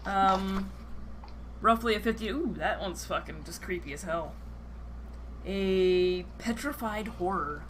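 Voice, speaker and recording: A woman's voice: medium pitch, slow, slight background noise. A woman game master on a live stream, joking casually, swearing, and filling her talk with "uh.". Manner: filler-heavy, joking, swears freely.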